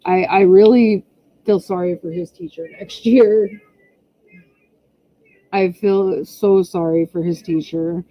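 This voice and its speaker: Woman host chatting on a home livestream, mid-pitched voice, chatty and exasperated storytelling. The audio is slightly muffled and lo-fi, picked up by a camera pointed down. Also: steady tone, slow pace, long pauses. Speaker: channel host. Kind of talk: casual livestream chat.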